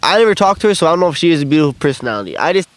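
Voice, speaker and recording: A man's voice: a little high, big pitch swings, very fast, no echo. Rambling, profane young man storyteller. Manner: rambling, profane, laughs often, acts out quotes and freestyles. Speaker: guest telling his life story. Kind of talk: casual storytelling interview. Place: outdoors on grass.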